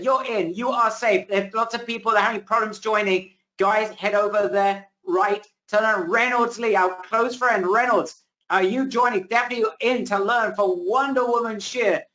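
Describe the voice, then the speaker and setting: His voice is wearing thin, but this man keeps up the pushy, hyped salesman routine, hosting a webinar and hard-selling over a video call.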